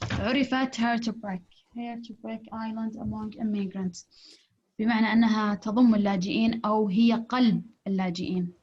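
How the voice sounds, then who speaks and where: A woman teaching an English class, explaining slowly in English and switching into rapid Arabic. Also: a little high, a little mellow, a little hiss or hum. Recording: dull lo-fi recording.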